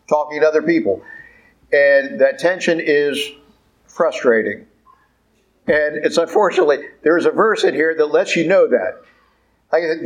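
A man delivers a sermon in a loose, conversational way, pressing his points with emphasis and rhetorical questions. His voice sits a little high for a man. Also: poor audio. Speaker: preacher.

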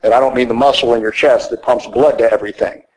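A priest preaching a conversational, emphatic sermon in a church. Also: male voice, mid-range voice, steady tone, quick pace, a little mellow, low-quality recording.

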